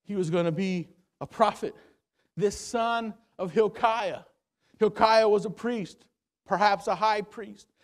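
Preaching slowly in a church sanctuary, a male pastor swings from booming, emphatic moments to hushed, low ones. Repeated words surface as he works out what to say next.

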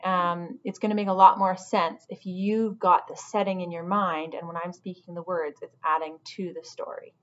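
A woman teacher reading a novel aloud, pausing patiently to guide her listeners. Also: lowish voice, flat delivery, muffled recording. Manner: patient, instructive. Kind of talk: storybook read-aloud with asides to students.

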